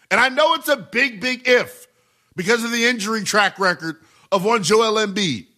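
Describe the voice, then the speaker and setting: Animated, high-voiced sports radio host. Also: male voice. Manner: emphatic, repetitive, animated delivery. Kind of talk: sports talk radio monologue.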